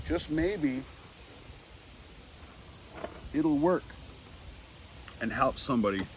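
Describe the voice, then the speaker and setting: A man telling a traditional story slowly, with long pauses, voicing the dialogue of its characters himself. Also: lowish voice, a little hiss or hum, rough recording. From Seneca territory. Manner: slow, pausing, retells dialogue in quotes. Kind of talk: oral storytelling.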